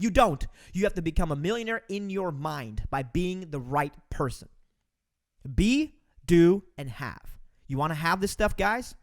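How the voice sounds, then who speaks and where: Hosting his own podcast, a man from Romania gives a forceful, sermon-like motivational talk and calls his listeners folks. He speaks at a moderate pace in an expressive voice that's fairly high for a man, his pitch rising and falling with each point he presses.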